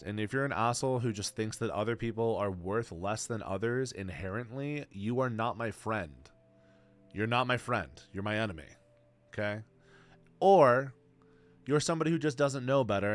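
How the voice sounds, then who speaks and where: A man in his twenties, streaming and answering chat in casual, blunt talk full of bro and man. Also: fairly low pitch. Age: 20s. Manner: blunt, slangy, calls everyone bro and man.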